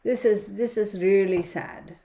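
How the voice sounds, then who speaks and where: A woman's voice: mid-range voice, unhurried, gravelly, mellow. Chatty woman tarot streamer. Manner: chatty, sighing, mutters numbers under her breath. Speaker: tarot reader livestream host. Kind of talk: casual livestream chat.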